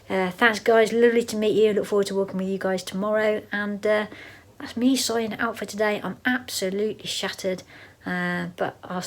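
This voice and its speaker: A middle-aged woman talking chattily to a handheld camera while hiking outdoors, often laughing. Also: on the low side. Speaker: hiking vlogger. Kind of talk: casual vlog to camera.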